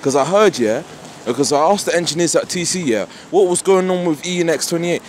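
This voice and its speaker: A young man talks fast and slangy into his phone while out bus spotting, his voice sitting a little high. He swears freely and gets excitable. Steady road and traffic noise runs behind him. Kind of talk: casual street vlog. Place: outdoors by a busy road.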